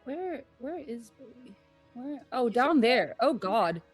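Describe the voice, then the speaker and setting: A woman playing her character in a tabletop game, talking in halting, stammering bursts. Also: fairly high pitch, very animated, breathy edge, faint music behind. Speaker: player.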